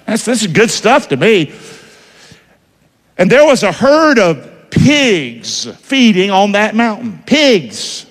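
A man preaching a sermon in a church, folksy, quizzing the congregation and swinging between loud and hushed. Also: high-pitched, big pitch swings, slow. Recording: reverberant church hall.

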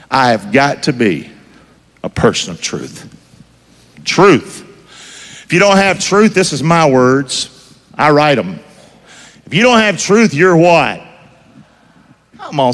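Preacher with a lively, swooping voice. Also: male voice, a little high, long reverb tail. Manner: call-and-response preaching, asks the crowd to finish lines. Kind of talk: sermon.

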